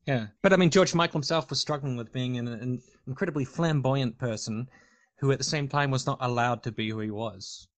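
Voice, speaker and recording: A man's voice: mid-range voice, a little fast. A man talking casually on a discussion panel, rambling with lots of fillers and restarts.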